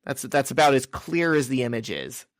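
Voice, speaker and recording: A man's voice: medium pitch, very animated, moderate pace, dry recording. Dry-voiced man recapping comics casually. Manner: crude, joking, recounts scenes in order. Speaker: podcast co-host.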